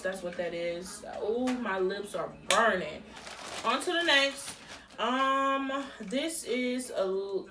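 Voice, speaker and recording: Slow-talking woman vlogger, roomy sound. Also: medium pitch, fairly bright tone, far from the mic. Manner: chatty, exclaiming, drawn-out reactions. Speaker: beauty vlogger. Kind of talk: casual product unboxing chat. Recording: roomy echo, a bit off-mic, faint music.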